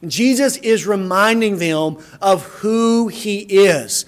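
A man's voice: high voice, slow pace. A man preaching a sermon in an earnest, explaining manner, often repeating words as he builds a point.

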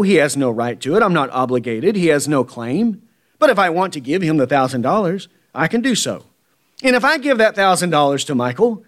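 Male preacher, high voice, emphatic and repetitive delivery, sermon style. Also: fairly bright tone. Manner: emphatic, repetitive, asks the congregation "right?".

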